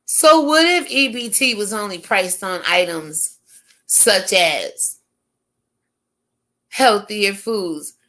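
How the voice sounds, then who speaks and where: A woman's voice: mid-range voice, expressive, slow pace, long pauses, pushed and bright. A woman from the United States hosting a casual opinion commentary, talking emphatically and firing off rhetorical questions. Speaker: commentary channel host.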